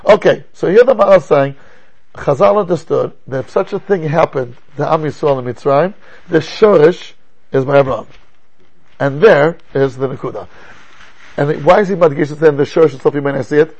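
An older man teaching a class as a rabbi, lecturing in an animated way and asking rhetorical questions. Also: fairly high pitch, fairly quick, creaky, slightly rough, muffled recording.

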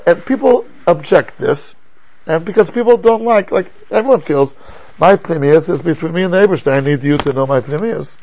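An older man teaching a class as a rabbi, lecturing in an animated way and asking rhetorical questions. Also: a little high, creaky, slightly rough.

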